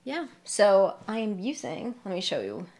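A woman's voice: mid-range voice, very animated, a little slow, a little mellow. Young woman, mild Massachusetts accent, easygoing host chatting through her crafts. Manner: chatty, laughs lightly, thinks aloud while showing work. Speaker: knitting podcast host. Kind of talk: casual show-and-tell chat.

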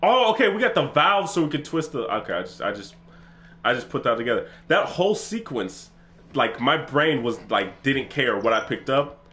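A man giving excitable let's play commentary for his gaming channel, swearing freely as he plays. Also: medium pitch, moderate pace.

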